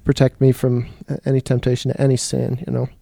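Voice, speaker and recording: A man's voice: medium pitch, monotone, fast, vocal fry, mellow, dry recording, clean studio sound. A man, a Catholic deacon co-hosting a podcast, speaking candidly in casual talk, often with short agreeing replies.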